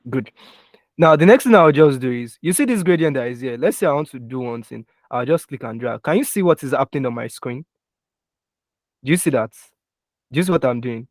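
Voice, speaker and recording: A man's voice: mid-range voice, expressive, a little fast, no echo. A young man teaching a live online design class through a computer mic, often checking that students are following and spelling out keyboard shortcuts step by step. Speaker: design instructor. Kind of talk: live online software tutorial. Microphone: computer mic with keyboard taps heard.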